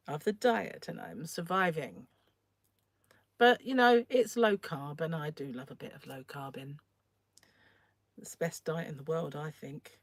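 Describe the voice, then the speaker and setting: A croaky woman chats away on a crochet livestream, her voice a touch low and recorded close and dry on a phone. She rambles easily from one thought to the next, pausing to clear her throat. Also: dry recording. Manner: chatty and rambling, often trails off. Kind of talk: casual livestream chat while crocheting.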